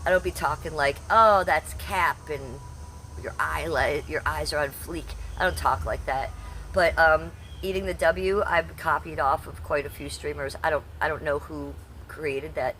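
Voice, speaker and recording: A woman's voice: low voice, steady tone, moderate pace, a bit bright, slight background noise. A woman in her fifties chatting brashly on a live stream, reading out and answering the chat with blunt, salty humor. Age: 50s. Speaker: livestreamer.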